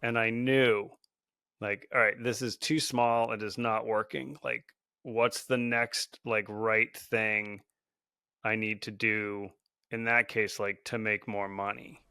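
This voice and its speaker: A man's voice: on the low side, level tone, takes it slowly, sharp tone, smooth, dry recording, clean studio sound. A man, a podcast guest, speaking earnestly and reflectively in a casual conversation. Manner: earnest, reflective, often hedging with "like". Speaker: podcast guest, founder of a support group.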